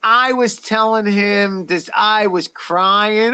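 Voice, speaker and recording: An older man joining a casual chat, telling animated stories and laughing often. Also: high voice, a little slow, few pauses, clean tone, dull audio. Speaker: community member.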